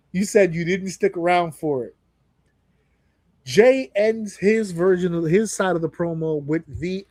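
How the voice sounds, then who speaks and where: A fairly high-voiced man talks wrestling on a podcast, loose and profane, breaking into exaggerated voices to act out quotes. The sound is dry and close, with almost no room around him. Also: no room sound. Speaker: podcast co-host. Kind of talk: casual wrestling talk.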